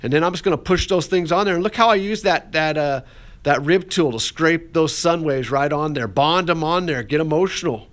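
A man's voice: fairly high pitch, a little fast, fairly bright tone. A man teaching an art class, walking through a clay demonstration in a folksy, encouraging way with plenty of fillers and restarts.

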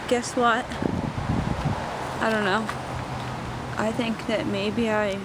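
A woman's voice: a little high, little pitch movement, takes it slowly, heavy background noise. A young woman talking casually to her camera, rambling with lots of fillers. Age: young adult. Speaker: vlogger. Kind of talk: casual vlog chat.

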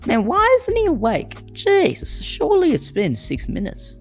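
A woman's voice: fairly high pitch, wildly swooping pitch, normal speed, gravelly, a little mellow, soft background music. A woman co-hosting a game stream, chatting casually and teasing her friend with mock insults. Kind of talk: casual gaming stream chat.

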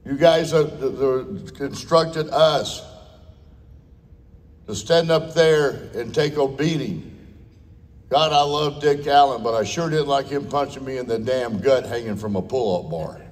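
A man's voice: medium pitch, measured pace. An older man with a twang speaks off the cuff at a dinner, blunt and folksy, with the odd curse word. His voice sits in a medium register and carries a long reverb from the large hall. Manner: blunt, folksy, salty with mild cursing.

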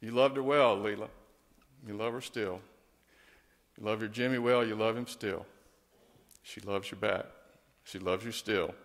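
Gentle pastor in a reverberant hall. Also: male voice, on the low side, unhurried, long pauses. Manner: gentle and tender, rising to lively storytelling. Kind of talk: funeral eulogy and prayer.

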